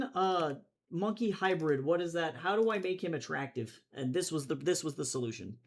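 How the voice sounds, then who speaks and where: A young adult comic artist chatting casually on a livestream while drawing. The talk is excitable and jokey, with loud bursts and quieter self-mocking mutters. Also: mid-range voice, normal speed. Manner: excitable and chatty, swinging between loud squeals and soft mutters.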